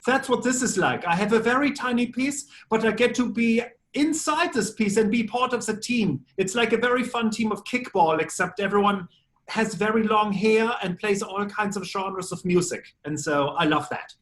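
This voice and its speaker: A man's voice: high-pitched, normal speed, fairly bright tone. A man with a German accent, a voice actor answering press questions in a playful, quirky way. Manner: playful, quirky offbeat phrasing. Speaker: voice actor guest. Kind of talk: press junket interview.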